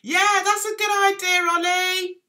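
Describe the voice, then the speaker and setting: A woman's voice: extremely high pitch, level tone, unhurried, bright, forceful tone. A woman hosting a casual live stream, rambling and self-deprecating as she chats with viewers. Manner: chatty, rambling, self-deprecating, reads chat aloud. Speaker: livestream host.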